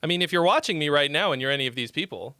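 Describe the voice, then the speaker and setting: A man's voice: fairly high pitch, lively intonation, racing, pushed and bright, clear, resonant tone, no room sound, studio quality. A man hosting a casual livestream, reading chat and messages aloud, laughing often and muttering and swearing to himself. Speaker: livestream host giving song feedback.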